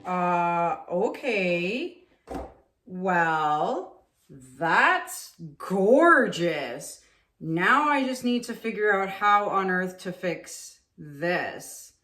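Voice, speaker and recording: A woman's voice: lowish voice, lively intonation, takes it slowly, sharp tone. A woman talking to herself and her viewers while painting, chatty and often frustrated, trailing off mid-thought. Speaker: acrylic pour painting vlogger. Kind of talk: casual talk while painting. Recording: roomy echo, faint ambient noise.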